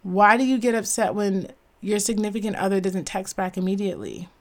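An earnest woman hosts her own podcast and talks through a motivational topic alone. Her voice sits at a middling pitch, and she leans hard on key points, with an occasional self-aware laugh. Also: animated, a little fast. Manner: earnest, emphatic, laughs at herself. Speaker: podcast host. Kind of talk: solo motivational talk.

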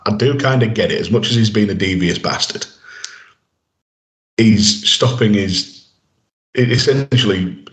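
A man's voice: on the low side, roomy sound. A man co-hosting a podcast, talking things through in a laid-back, casual way. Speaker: podcast co-host. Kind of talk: casual chat.

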